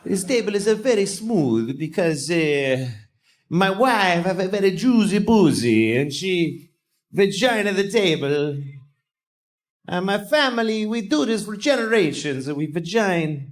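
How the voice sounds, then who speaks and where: A man's voice: sits high, animated, unhurried, voice pushed up. A man voicing a proud old-world Italian furniture maker who talks in broken, heavily accented speech.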